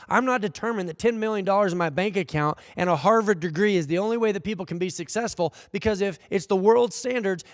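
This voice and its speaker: A man preaching a sermon as pastor, animated, acting out the people he quotes. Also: a little high, dry recording, studio quality, long reverb tail. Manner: animated, acts out quoted voices. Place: church hall.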